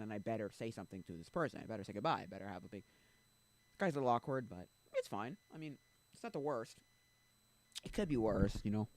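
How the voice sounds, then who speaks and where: A man chats on a casual livestream from his home setup, rambling through restarts and asides. He is blunt and loose with his words. His pitch swings lively up and down as he talks. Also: low-quality recording. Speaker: streamer.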